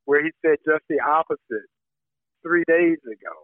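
A man's voice: fairly high pitch, moderate pace, no room sound. A man talking as a journalist guest in an interview, building his points earnestly with pointed examples over a phone call. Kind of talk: conversational interview. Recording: tinny phone line.

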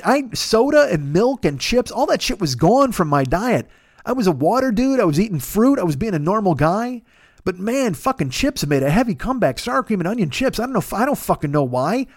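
A man rambles through a comic monologue, swearing freely and poking fun at himself. His voice sits high and jumps around a lot as he talks at a fast clip. The sound is close and dry, like a podcast studio. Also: no room sound. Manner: profane, rambling, self-deprecating. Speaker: podcast host. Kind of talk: comedic monologue.

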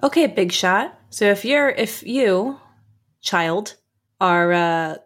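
Woman at a tabletop game, dry and wry, middle pitch. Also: expressive, slow. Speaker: player.

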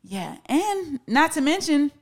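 A woman co-hosting a chatty podcast, sarcastic and quick to laugh. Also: high voice, sing-song. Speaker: podcast co-host. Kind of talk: casual chat.

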